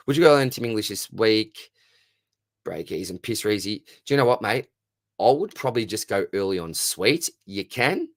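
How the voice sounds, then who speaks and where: A man's voice: on the low side, no echo, studio quality. A man with an Australian accent hosting a casual live stream Q&A, reading out chat questions and answering them in a friendly, matey way.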